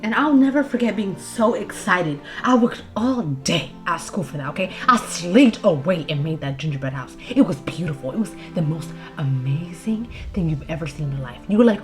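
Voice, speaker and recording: A young woman vlogging as she builds something by hand, chatting to herself and her viewers in a casual, animated way. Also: fairly low pitch, moderate pace, few pauses, soft background music. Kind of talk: casual chat while crafting.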